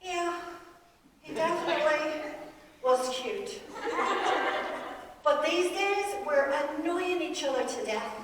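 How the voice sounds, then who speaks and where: A feisty, animated woman in her sixties, a pastor's wife giving a guest sermon in a church, often laughing as she talks. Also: high-pitched, slow, long pauses, very noisy. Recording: echoey hall, mic from far off.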